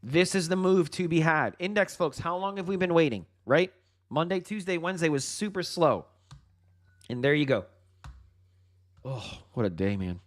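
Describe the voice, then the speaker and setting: A man with a slightly high voice hosts a live trading stream and calls the market as it moves. He talks straight to his viewers as "guys" and "folks", hyped and excited, and often breaks into laughter. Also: moderate pace. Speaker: livestream trading host.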